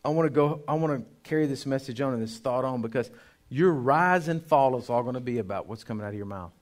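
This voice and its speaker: A pastor delivering a sermon in a mid-range male voice. He preaches with emphasis, swinging from quiet, intimate lines to loud declarations, and keeps turning to address his listeners directly. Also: mid-range voice, quick pace.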